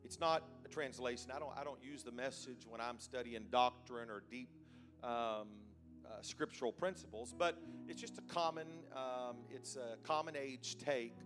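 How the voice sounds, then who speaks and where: A man preaching a sermon in a church, moving from a quiet, hesitant start to loud, shouted emphasis. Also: medium pitch, fairly even intonation, normal speed, over music.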